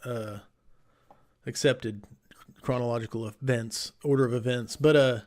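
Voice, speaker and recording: A man's voice: mid-range voice, fairly even intonation, measured pace, darkish tone. A man co-hosting a gaming podcast in casual chat, explaining things at length with many fillers and restarts. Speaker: podcast co-host.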